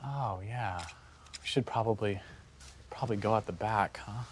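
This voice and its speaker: An actor playing an uptight, sarcastic gay dad in a sitcom, with dry, pointed delivery. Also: male voice, lowish voice, moderate pace, background noise, natural voice. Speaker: sitcom character. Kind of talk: sitcom acting.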